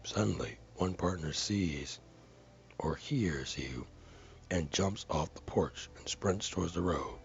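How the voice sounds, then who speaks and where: A man's voice: sits low, takes it slowly, creaky, dull audio, a little hiss or hum. A man earnestly reading a viewer comment aloud, carefully and with dramatic stresses.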